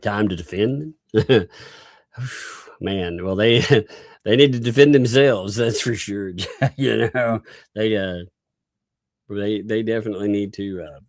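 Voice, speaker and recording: Man, Southern accent, low voice, dry close sound, casual livestream host, chuckles a lot. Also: takes it slowly, pauses often, no room sound. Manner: laughs often, reads viewer messages aloud.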